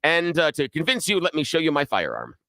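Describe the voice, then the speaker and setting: A man voicing an indignant woman who insists her broken dryer be fixed under warranty, speaking in a shrill, insistent voice. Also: wildly swooping pitch, a little fast, pushed and bright, dry recording, clean studio sound, full character voice. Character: indignant armed woman demanding warranty repair.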